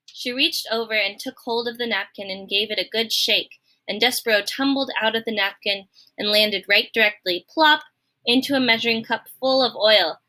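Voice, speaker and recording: A woman reading a children's novel aloud, expressive and friendly, speaking directly to her listeners. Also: on the high side, normal speed. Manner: expressive, friendly, addresses the reader. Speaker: storybook reader.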